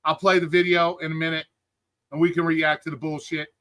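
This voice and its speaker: A livestream host, slightly high-voiced with little pitch movement, talks a bit fast in a sharp tone through an angry, heated political rant. He swears constantly while greeting chat viewers by name.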